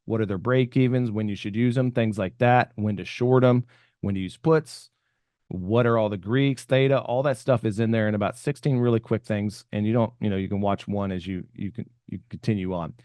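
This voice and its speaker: A man's voice: on the low side, brisk, no room sound. Laid-back male podcast co-host, dry sound. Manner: conversational, thinking aloud, trailing off softer at the ends of points. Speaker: podcast co-host explaining options trading. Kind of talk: casual explanatory podcast talk.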